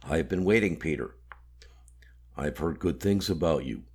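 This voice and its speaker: A man voicing a gruff, guarded male underground contact who speaks curtly and drops to a hiss when he lowers his voice. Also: moderate pace, darkish tone.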